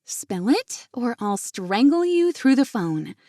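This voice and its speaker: A woman's voice: a little high, very animated, takes it slowly, dark tone, no room sound, clean studio sound, full character voice. A woman voicing an eager, flustered young woman who talks in a lightly raised, breathless voice.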